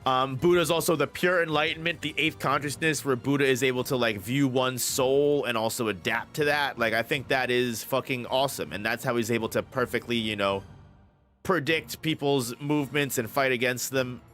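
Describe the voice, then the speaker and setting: A man's voice: mid-range voice, normal speed, fairly bright tone. Male manga reviewer, easygoing and foul-mouthed, mid-range voice, light music underneath. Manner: rambling, profane, enthusiastic with restarts. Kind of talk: casual commentary.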